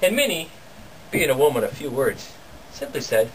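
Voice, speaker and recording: A man telling a folktale live at a bookstore, animated and chuckling, with sound effects. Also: mid-range voice, moderate pace. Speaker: storyteller. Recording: distant camera, noisy bookstore.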